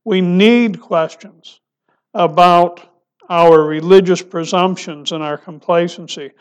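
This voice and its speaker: A male pastor preaching a sermon, asking rhetorical questions and dropping his voice soft for emphasis. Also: high-pitched, steady tone, takes it slowly, clear, resonant tone.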